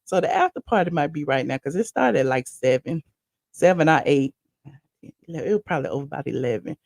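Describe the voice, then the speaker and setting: Woman, live-stream host, chatty and rambling, slight gravel, dry close sound. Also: low-pitched, brisk, no echo. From Atlanta, USA. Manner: chatty, animated, rambling asides. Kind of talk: casual live-stream chat.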